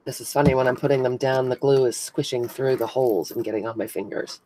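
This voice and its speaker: A woman's voice: extremely low pitch, steady tone, quick pace, dark tone, rough recording. A woman hosting a casual craft live stream, chatting with viewers by name as she glues buttons and thinks aloud. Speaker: craft channel host. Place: indoors at a crafting table.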